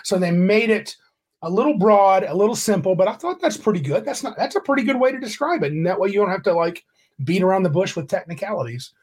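A man's voice: sits high, expressive, quick pace, husky. A man hosting a casual tabletop game podcast over a video call, rambling and correcting himself as he reads rules aloud. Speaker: podcast host.

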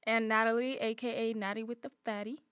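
A woman's voice: on the high side, level tone, fairly quick, fairly bright tone, smooth, dry recording, clean studio sound. A young woman co-hosting a podcast, talking easily in casual chat with many fillers. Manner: easygoing, thoughtful, many "um" and "like" fillers. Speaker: podcast co-host.

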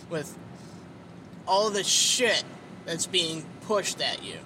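A man's voice: fairly high pitch, big pitch swings, takes it slowly, sharp tone. A tired, sleepy man rambling in a casual monologue, swearing often and full of fillers while he drives. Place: inside a car while driving. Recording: road and engine noise in a car. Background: vehicle noise.

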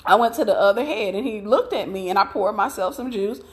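A woman's voice: medium pitch, expressive, fairly quick. A middle-aged woman preaching in a conversational, storytelling way, telling about her own marriage. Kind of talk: sermon with personal story.

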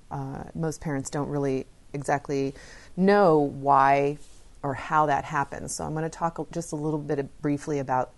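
A middle-aged woman hosting a parenting podcast, talking earnestly and getting animated as she retells stories. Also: low voice. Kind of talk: casual solo podcast talk.

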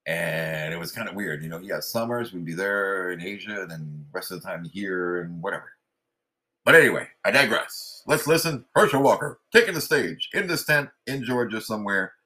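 Guy hosting a podcast, kinda low voice, blunt and rambly, sarcastic rant. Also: lively intonation, moderate pace, pushed and bright. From West Coast of the US. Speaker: podcast host. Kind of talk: opinionated political monologue.

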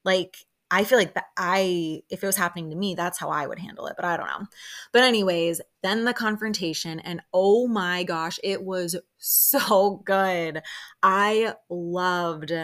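A young woman hosting a podcast, chatting excitedly about a show with lots of fillers and quick quoted reactions. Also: fairly low pitch. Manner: chatty, excitable, lots of "like" fillers, quoting people in lively bursts. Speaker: podcast host. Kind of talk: casual solo recap chat.

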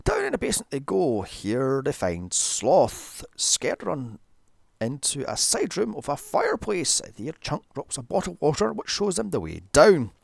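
A man's voice: a little high, huge pitch swings, a little slow, gravelly, no echo, clean studio sound. A man giving a sarcastic, profane recap of a movie, mocking it with exasperation. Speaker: movie reviewer. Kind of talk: sarcastic comedic film recap.

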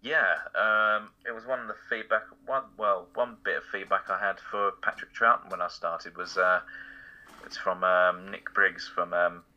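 Forceful low-voiced man from Essex. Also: steady tone, moderate pace, dull audio. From Essex, outside London. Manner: rambling, chuckling, many fillers. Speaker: voice impressionist guest. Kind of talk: casual conversational interview.

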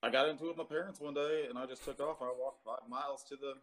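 A man's voice: mid-range voice, fairly even intonation, quick pace, a bit bright. A man in his thirties, a Marine veteran, telling his story in a casual interview with many fillers and some cursing.

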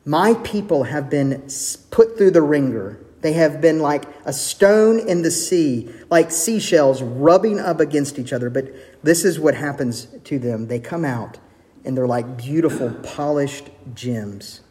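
Man, pastor, sermon delivery, earnest, soft hushed asides, long reverb. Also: on the high side, animated, a little slow. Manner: earnest, varies pace, drops to soft intimate tones for quotes.

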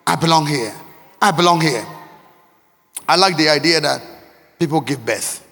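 A man preaching a sermon. He is impassioned and repetitive, swinging between shouts and near-murmurs. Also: a little high, normal speed, vocal fry. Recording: long reverb of a large hall.

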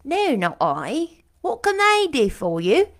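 A woman's voice: sits high, huge pitch swings, slow, a bit bright, pitched above the performer's own voice, heavily acted. A woman voicing a blunt, distrustful older woman servant with a country dialect, as an audiobook character. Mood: suspicious.

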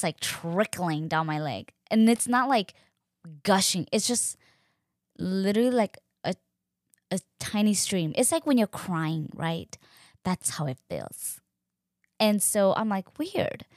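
A young woman telling a personal story in a chatty, animated way, full of "like" and acted-out quotes. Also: mid-range voice, measured pace, no room sound, studio quality. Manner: animated, chatty, fills speech with "like", acts out quotes. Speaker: podcast host. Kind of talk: casual storytelling.

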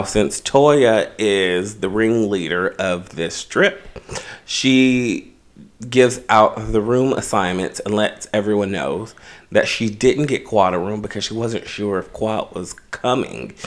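Podcast cohost guy, lowish voice, chill recapping. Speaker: podcast co-host. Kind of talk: casual chat.

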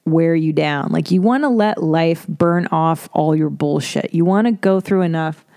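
A woman's voice: low-pitched, unhurried, warm tone, no echo, clean studio sound. A woman hosting a podcast, rambling in a casual monologue full of profanity and sarcastic asides. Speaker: podcast host.

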